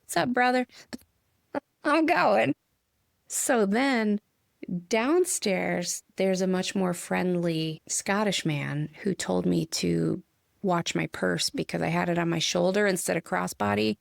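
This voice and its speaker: Midwestern woman, middle-aged, podcast co-host; chatty, laughs easily, low-ish voice with fry, dry recording. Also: slow pace, dry recording. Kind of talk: casual spiritual chat.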